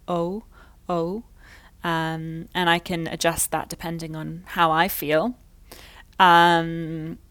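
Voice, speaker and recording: A woman from Wales speaking in a modern British received pronunciation accent, a pronunciation teacher reflecting in a measured, thoughtful way with frequent pauses. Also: on the low side, a bit bright, smooth, no room sound. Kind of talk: reflective monologue.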